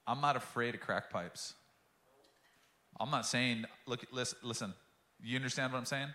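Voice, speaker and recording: A man's voice: mid-range voice, normal speed, sharp tone, reverberant. A man preaching a sermon as pastor, telling a story with passion and acting out the quotes.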